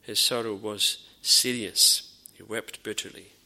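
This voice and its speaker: A man preaching a sermon in an earnest, measured way, with frequent pauses and repeated phrases. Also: fairly low pitch, steady tone, vocal fry, sharp tone. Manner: drops to a near whisper in dramatised dialogue.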